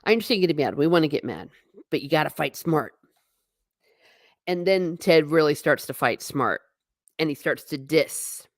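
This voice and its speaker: A woman's voice: low-pitched, no room sound, clean studio sound. A woman talking casually in a live stream review, eagerly acting out lines from scenes as she goes. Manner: animated, acts out quotes from scenes. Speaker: TV show reviewer.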